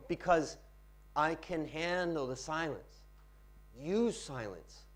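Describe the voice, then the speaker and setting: A man giving a live workshop talk on pitching to an audience in a seminar room, varying his loudness and pace for effect. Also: lively intonation, slow pace, long pauses.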